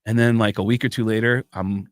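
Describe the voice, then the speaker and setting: A comedian from Tucson, Arizona, telling a story as a podcast guest. He is animated, curses often and slips into the voices of the people in his story. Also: on the low side, a little fast, no room sound, clean studio sound. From Tucson, Arizona, USA. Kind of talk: casual storytelling chat.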